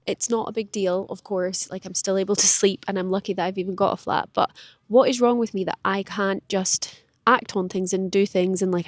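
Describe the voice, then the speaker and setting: A woman's voice: mid-range voice, dry recording. Chatty woman in her late twenties. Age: late 20s. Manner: chatty, rambling, self-deprecating, many "like"s. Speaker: vlogger. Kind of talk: candid personal vlog monologue. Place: outdoors in a park.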